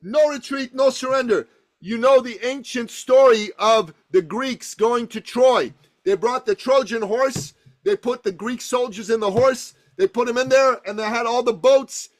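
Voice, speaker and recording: A man's voice: extremely high pitch, measured pace. A man, a business coach on a podcast, telling stories and giving advice in an emphatic way, repeating words for stress. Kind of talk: energetic storytelling advice.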